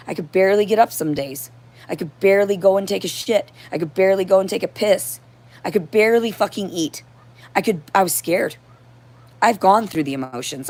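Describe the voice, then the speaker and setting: A woman in an agitated confessional monologue, rambling and swearing, and at times rising to near-shouting. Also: on the low side.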